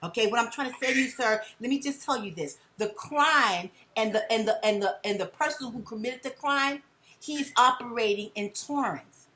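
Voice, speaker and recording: A woman's voice: fairly high pitch, moderate pace, sharp tone, a little hiss or hum. A woman on a heated phone call reporting a crime, insistent, stammering and repeating words as she presses her point. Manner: insistent, repeats words, keeps saying sir.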